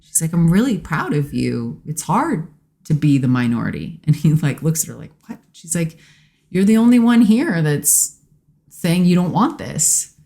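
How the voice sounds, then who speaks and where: A woman's voice: sits low, moderate pace, gravelly. A woman in casual conversation on a podcast, speaking earnestly and reflectively about relationships. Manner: earnest, reflective, quotes people in lively bursts. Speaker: podcast guest, host's wife.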